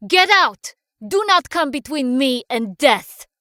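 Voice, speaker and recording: A woman voicing a young, obsessive and defiant Polish woman scientist in a horror story reading, shouting in fury at times. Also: high-pitched, unhurried, clean tone, dry recording, studio quality, voice pushed up. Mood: furious.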